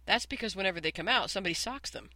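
Stuart Little, a man voicing a bright, earnest mouse. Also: sits high, lively intonation, dry recording, exaggerated voice. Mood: brisk. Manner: brisk, cheerful, grown-up authority. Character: small, polite, earnest mouse substitute teacher, male.

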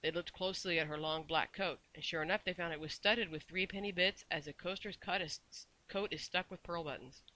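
A man narrating a children's storybook with measured, expressive storytelling. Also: fairly high pitch, poor audio. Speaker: audiobook narrator. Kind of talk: storybook reading.

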